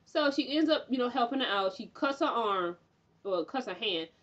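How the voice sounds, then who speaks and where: A young woman recapping a TV episode in a chatty, animated way, with lots of fillers and frequent laughter. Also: a little high, moderate pace, muffled recording. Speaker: TV recap reviewer.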